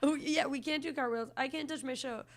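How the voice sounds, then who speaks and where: A woman's voice: high voice, fairly quick. A young woman co-hosting a casual comedy podcast, chatty and self-deprecating. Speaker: podcast co-host.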